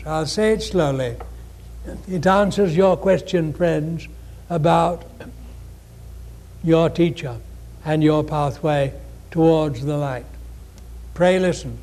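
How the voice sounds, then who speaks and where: A man delivers a spiritual lecture in an unhurried, measured cadence. His voice sits a little high for a man, and his phrasing is gently formal as he addresses his listeners. Each phrase is set out with care and pauses between its parts.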